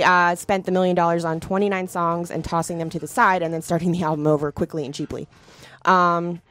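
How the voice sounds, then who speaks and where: A woman from Philadelphia co-hosting a rock podcast, reading notes and listener comments in an easygoing, casual way. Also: lowish voice. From Philadelphia, USA. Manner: easygoing, laughs often, reads from notes. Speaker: podcast co-host.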